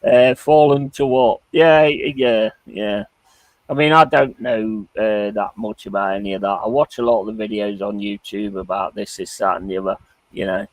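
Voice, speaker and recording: A British man hosts a casual live stream, laid-back and quick to laugh, with plenty of swearing as he reads comments aloud. His voice sits at an ordinary pitch. It is recorded close and dry, with no room sound. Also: steady tone, no room sound, rough recording. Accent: British English. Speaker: streamer host. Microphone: streaming mic.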